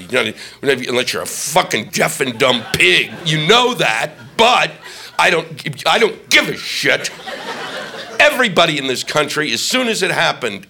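A man doing a stand-up comedy routine on stage, ranting and profane, shouting his punchlines. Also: fairly high pitch, big pitch swings, normal speed, vocal fry. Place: comedy stage before a live audience. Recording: live club audio with ambient noise.

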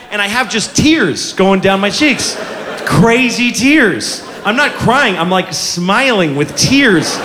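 A man in his forties doing stand-up, telling a story in a profane, self-mocking, animated way. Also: sits high, long reverb tail. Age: 40s. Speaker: stand-up comedian. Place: comedy club stage with audience. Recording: live club room with crowd and noise.

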